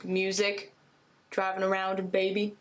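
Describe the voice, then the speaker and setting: A woman voicing a weary, hungover male monster hunter who mumbles, sounding a little lower and flatter than her own voice while she retells a story. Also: a little slow, a little hiss or hum, lightly acted. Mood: wistful.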